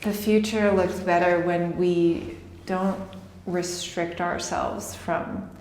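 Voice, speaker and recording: A woman guest in a casual interview, speaking earnestly and thoughtfully with occasional "um" pauses. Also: on the low side, fairly even intonation, a little mellow, echoey room, a little hiss or hum, poor audio. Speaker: guest, founder of a paint studio.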